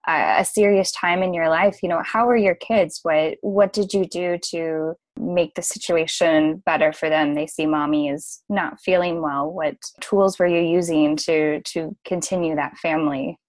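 A woman interviewing a guest, asking gentle, sympathetic questions. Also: sits low, steady tone, moderate pace, hardly any pauses.

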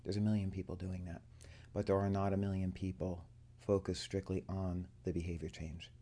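A man with a low, mellow voice tells a personal story to a group. He talks earnestly and animates the lines he quotes from others. The tone stays relaxed and unforced. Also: a little fast. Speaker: coaching student.

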